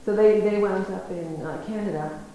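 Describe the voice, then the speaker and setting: A woman's lively storytelling lecture echoes heavily around the room, with a faint hiss of noise beneath. Her voice is mid-range and her pace moderate, and she laughs easily while acting out conversations.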